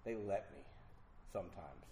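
A middle-aged man earnestly telling a personal recovery story to an audience, with halting restarts. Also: low-pitched, animated, mellow. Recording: roomy hall with faint noise.

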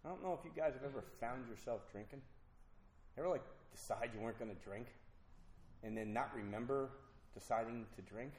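A man's voice: medium pitch, a little fast, darkish tone, echoey room, a little hiss or hum. A man telling his own story of drinking and recovery to a group, candid and self-mocking, acting out the voices of the people he quotes. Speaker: speaker sharing a recovery story. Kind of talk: personal storytelling talk.

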